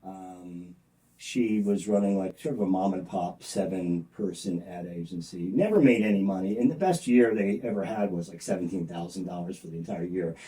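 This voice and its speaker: Distant blunt man with a dark voice. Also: sits low, moderate pace. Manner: rambling, many fillers and restarts; blunt, salesy storyteller. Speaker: interview guest. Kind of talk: casual storytelling interview.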